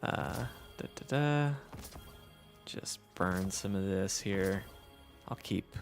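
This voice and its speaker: A man's voice: low-pitched, level tone, takes it slowly, gravelly, faint music behind. A man with a Southern US accent hosting a casual gameplay livestream, reading chat aloud in an easygoing, self-deprecating way. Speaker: livestream host.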